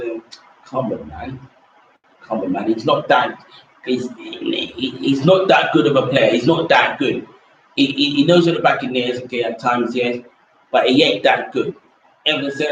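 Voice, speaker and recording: A man's voice: medium pitch, steady tone, normal speed, highs cut off, a little hiss or hum. Man, casual football rant, repetitive, slangy, distant mic, roomy echo. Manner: rambling, repeats himself, slangy and dismissive. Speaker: host. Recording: echoey room from far off mic.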